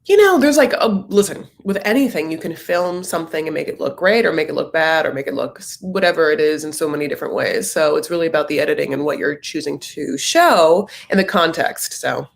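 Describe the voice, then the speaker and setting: A man's voice: fairly high pitch, fairly quick, gravelly, hardly any pauses, fairly bright tone. A man recapping a reality show in a campy, chatty way, calling the viewer honey. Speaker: TV recap host. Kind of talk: casual recap commentary. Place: at home, sitting cross-legged.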